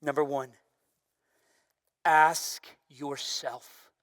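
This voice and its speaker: Animated young male pastor preaching. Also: very high voice, normal speed, pauses often, no echo, clean studio sound. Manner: animated, swings from shouting to hushed. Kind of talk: sermon.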